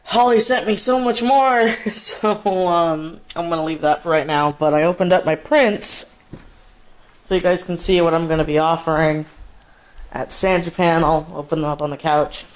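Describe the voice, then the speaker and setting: A woman's voice: low voice, steady tone, moderate pace, low-quality recording. A woman artist vlogging casually, swearing a lot as she vents, then chatting while she shows her prints. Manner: profane, ranting, then chatty showing prints. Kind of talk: casual vlog.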